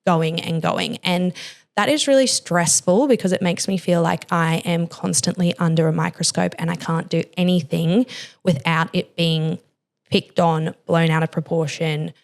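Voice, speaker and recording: This young podcast host has a gravelly, lowish voice that stays steady at a moderate pace. She opens up emotionally in frank personal talk, leaning heavily on "like" as she goes.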